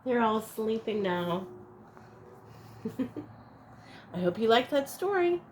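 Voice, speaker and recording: Woman doing circle time storybook reading, super slow and animated, little asides for the kids. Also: a little high, slight background noise, rough recording. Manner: expressive, playful, with asides to young listeners. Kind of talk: reading a picture book aloud to children.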